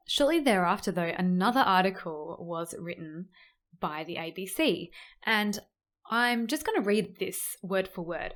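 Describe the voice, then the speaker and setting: A woman hosting a podcast, talking casually to listeners in an animated, chatty way and switching to a newsreader voice to read articles aloud. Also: lowish voice. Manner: chatty, animated, laughs easily; puts on a newsreader voice when reading articles. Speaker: podcast host. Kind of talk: casual podcast chat and reading news articles.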